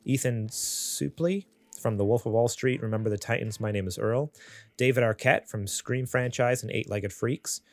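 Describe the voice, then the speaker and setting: A man's voice: mid-range voice, moderate pace, dry recording. A man hosting a casual podcast, laughing often and reading gaming news aloud. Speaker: podcast host.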